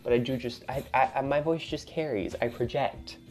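A young man, a college student, venting in a rambling, casual monologue, swearing often and getting louder as he gets worked up. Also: mid-range voice, moderate pace. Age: young adult. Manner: rambling, swears a lot, voice climbs when riled up.

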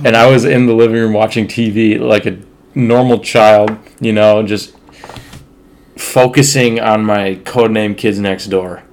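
A man's voice: fairly low pitch, steady tone, a little slow. A man co-hosting a podcast, telling chatty childhood stories and laughing often. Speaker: podcast co-host. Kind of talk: casual chat.

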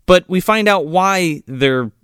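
Lively, animated man recapping a film. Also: high-pitched, slow, smooth, no echo, clean studio sound. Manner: profane, recaps scenes by acting out characters. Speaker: podcast co-host. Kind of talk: casual chat reviewing a film.

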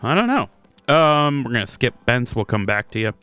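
A man hosts a casual podcast and reads listener submissions. He is relaxed and self-deprecating, at an average pitch, with faint music under him. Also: normal speed, smooth, no room sound. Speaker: podcast host.

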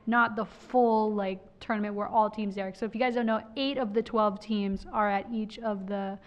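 A woman's voice: medium pitch, steady tone, moderate pace. An American woman hosting a casual esports podcast, chatty and full of "like". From United States. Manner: chatty, filler-heavy with frequent "like". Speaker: podcast host. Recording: dull lo-fi sound.

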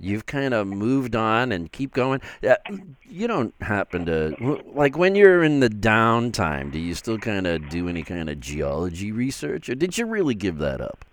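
A man's voice: on the low side, very animated, moderate pace, hardly any pauses. An older man with a Boston accent hosting a radio interview, chatty and jokey, rambling in a casual way. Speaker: radio show host.

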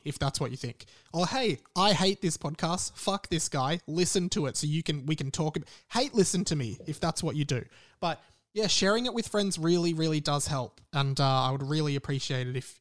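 A young Australian man hosting a podcast, chatty and self-mocking, laughing often and fighting hiccups. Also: fairly high pitch. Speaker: podcast host. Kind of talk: casual podcast chat.

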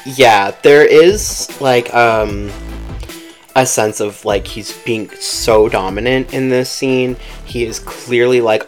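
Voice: medium pitch, slow, soft background music. A podcast co-host chatting casually about a book, with lots of fillers and acted-out quotes.

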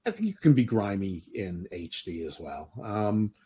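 A man's voice: on the low side, very animated, normal speed, warm tone, husky. A man hosting a podcast in casual chat, opinionated and rambling, often restarting his sentences. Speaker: podcast host.

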